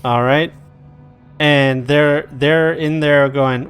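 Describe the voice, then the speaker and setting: A man narrating a tabletop game as game master, casual and profane, dropping into quick quotes of the characters. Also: medium pitch, steady tone, fairly bright tone, clear, resonant tone, faint music behind.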